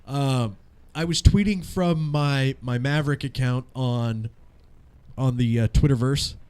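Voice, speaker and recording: A man's voice: mid-range voice, unhurried, clean tone. A man in his thirties co-hosting a casual radio show, telling stories in a profane, laughing way. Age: 30s. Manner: profane, laughing, animated storyteller. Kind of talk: casual podcast banter.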